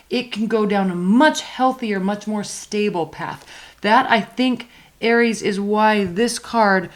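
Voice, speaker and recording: A woman giving a casual weekly tarot reading, chatty and emphatic, slowing down to stress her advice. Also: medium pitch. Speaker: tarot reader.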